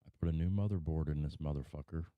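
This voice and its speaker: A man's voice: very deep voice, fast, dry recording. A man hosting a live stream in casual chat, frustrated and cursing often as he talks. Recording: dry, tinny phone-like sound.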